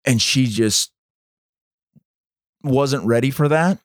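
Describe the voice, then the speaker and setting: A man co-hosting a podcast, telling a story in a measured, dramatic way. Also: medium pitch, no room sound, clean studio sound. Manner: measured, dramatic storytelling, acts out quoted voices. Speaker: podcast co-host. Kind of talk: storytelling in casual chat.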